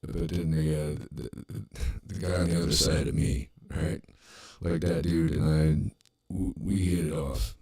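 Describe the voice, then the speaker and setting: Deep gravelly man telling loose stories. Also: steady tone, unhurried, hardly any pauses, a little mellow. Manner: rambling and profane, full of restarts and fillers. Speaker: podcast host. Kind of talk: casual storytelling monologue.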